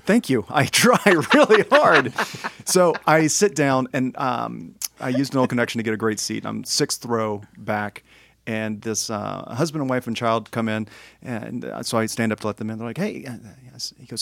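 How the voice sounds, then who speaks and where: A man's voice: medium pitch, moderate pace, vocal fry, no echo. Guy on a podcast telling a story, acts out the voices, dry close sound. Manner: animated storyteller, acts out quotes. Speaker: podcast co-host. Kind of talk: casual chat.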